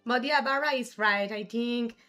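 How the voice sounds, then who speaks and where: A woman's voice: on the high side, normal speed, bright, forceful tone, soft background music. A woman hosting a live gaming stream, casually chatting and answering her viewers' chat messages. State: has the hiccups. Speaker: livestream gamer host.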